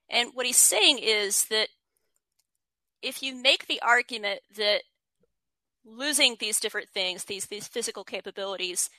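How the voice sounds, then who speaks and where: A woman's voice: on the high side, pushed and bright, dry recording, rough recording. A woman writer giving an interview, explaining ideas earnestly and reading quotes aloud. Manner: earnest, frequent restarts, reads quotes aloud. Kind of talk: thoughtful conversational explanation.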